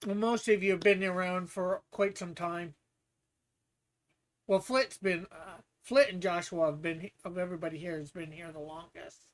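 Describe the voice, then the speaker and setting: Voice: medium pitch, fairly even intonation, normal speed. A streamer hosting a guessing game, chatting casually to viewers and rambling with restarts and laughs. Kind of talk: casual livestream chat.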